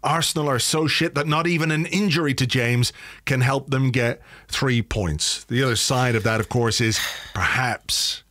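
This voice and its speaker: A man's voice: medium pitch, moderate pace, fairly bright tone. A man with a mid-range voice hosts a football podcast in a dry, close room with no echo. He teases his co-host with a dry wit and reads out listener questions. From Ireland. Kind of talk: casual chat.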